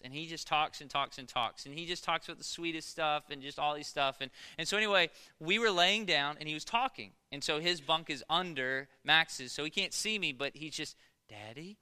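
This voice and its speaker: A man in his thirties preaching a sermon in a conversational storytelling way, swinging between loud bursts and hushed passages. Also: on the high side, clean tone. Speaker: pastor.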